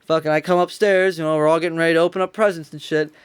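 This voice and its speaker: A man's voice: fairly high pitch, fairly even intonation, rapid-fire, clear, resonant tone, no echo. A young man co-hosting a podcast, telling a rambling, profane story and laughing as he goes. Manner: profane, laughs a lot while telling stories. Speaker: podcast co-host. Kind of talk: casual storytelling.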